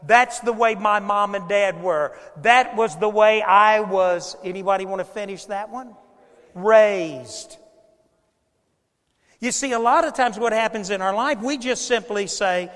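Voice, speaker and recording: A man with a high voice delivers a sermon in a church, his words trailing off in a long hall reverb. He is conversational and emphatic, repeating phrases and turning straight to the congregation. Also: unhurried, a bit bright. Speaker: preacher.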